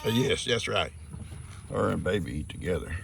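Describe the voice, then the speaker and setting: A man's voice: sits low, expressive, moderate pace, vocal fry, a bit bright. An older man, chatting casually to his farm animals and viewers outdoors. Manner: folksy, talks sweetly to his animals. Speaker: farm vlogger.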